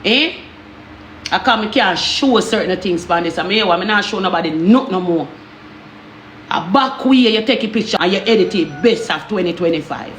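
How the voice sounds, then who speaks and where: Animated Jamaican woman telling a story. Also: mid-range voice, moderate pace, roomy sound, a little hiss or hum. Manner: animated, repetitive, asks "you understand me?". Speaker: storyteller vlogger. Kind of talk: casual storytime in patois.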